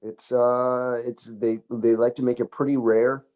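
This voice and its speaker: An American man appears as a comedy guest on a podcast, chatting casually in a laid-back way, with dry jokes and frequent laughs. His mid-range voice is level and darkish in tone, and he speaks unhurriedly.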